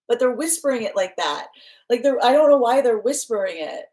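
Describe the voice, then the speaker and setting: With a medium-pitched, slightly mellow voice and lively intonation, this woman talks a little fast while doing a live tarot reading. Her speech wanders in run-ons, with plenty of fillers, restarts, and acted-out lines from other people.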